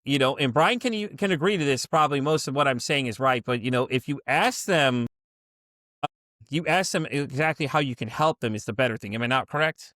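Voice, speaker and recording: A man hosting a podcast interview, telling a story in a rambling, animated way with many restarts. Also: mid-range voice, a little fast, no room sound, clean studio sound. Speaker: podcast host. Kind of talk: casual interview chat.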